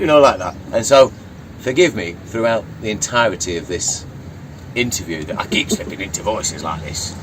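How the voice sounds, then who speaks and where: This interview guest is a yacht crew member from Blackpool, England, with a Lancashire accent and a fairly low-pitched, animated voice at normal speed. He rambles and swears freely in casual chat, picked up by a distant mic amid urban background noise.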